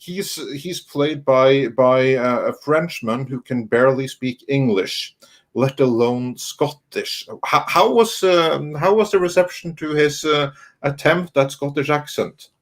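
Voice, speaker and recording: Brief: male host, mid-pitched, halting, filler-heavy casual chat. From Norway. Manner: hesitant, many fillers and restarts.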